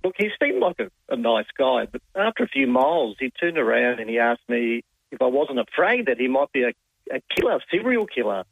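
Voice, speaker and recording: An Australian man calling in to a radio show, telling jokes flatly over a phone line, with deadpan delivery. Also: mid-range voice, brisk, creaky, dry recording. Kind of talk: radio call-in chat.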